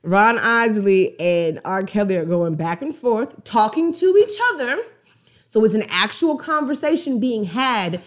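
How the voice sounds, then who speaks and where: A woman giving casual, slangy music commentary in an animated way, retelling a song's story. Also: medium pitch, a little slow. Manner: animated, slangy, acts out song dialogue.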